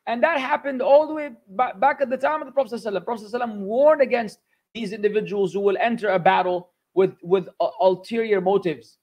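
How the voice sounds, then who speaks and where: Male religious teacher with a very high voice, lively and scolding, code-switches into Arabic. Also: very fast. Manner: animated, scolding, mixes in Arabic phrases. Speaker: Islamic teacher. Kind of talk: religious class lecture.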